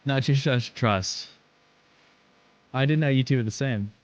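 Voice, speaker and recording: A man's voice: medium pitch, unhurried, muffled recording. A man chatting casually on a live stream, joking and filling gaps with ums. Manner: joking, many filler ums, laughs often. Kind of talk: casual chat.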